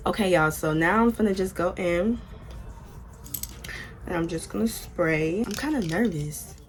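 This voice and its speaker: A woman's voice: fairly low pitch, measured pace. Chatty young American woman vlogger. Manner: chatty, talks straight to viewers with "y'all". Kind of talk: casual unboxing chat.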